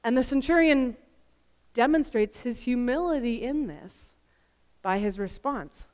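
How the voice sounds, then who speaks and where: A woman giving an expressive, emphatic Bible teaching full of rhetorical questions. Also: fairly high pitch, measured pace. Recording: long reverb.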